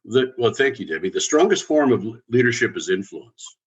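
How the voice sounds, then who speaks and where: A man speaking as a consultant guest, telling an anecdote in a halting, chatty way with restarts. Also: medium pitch, big pitch swings, slightly rough, lo-fi sound. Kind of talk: storytelling in conversation.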